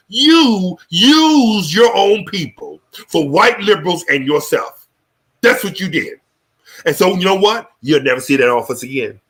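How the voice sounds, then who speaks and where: Host, male, lively and bright, profane preacher-style ranting. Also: fairly high pitch. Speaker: show host. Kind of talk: live political talk show rant.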